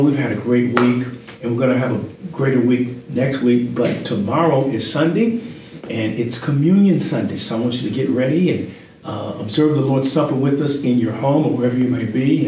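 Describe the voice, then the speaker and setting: A male pastor giving a devotional sermon, drawing out key words for emphasis and now and then jumping into a falsetto impression. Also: a little mellow, slight background noise. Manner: preacherly, drawn-out emphasis with sudden falsetto impressions. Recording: echoey room, heard from a distance, faint ambience.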